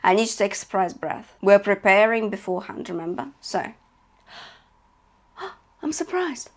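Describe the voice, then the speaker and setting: Her voice is medium-pitched, steady and gravelly, at a normal speed. She coaches a singing lesson encouragingly, checking in with "okay?" and "yeah?" and modeling sung notes between spoken instructions.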